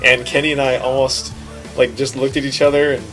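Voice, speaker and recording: A man of middle pitch co-hosting a podcast, telling stories in easygoing chat. He is animated and quick to poke fun at himself. Music plays clearly behind him. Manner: animated, self-deprecating storyteller. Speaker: podcast co-host. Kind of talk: casual storytelling chat.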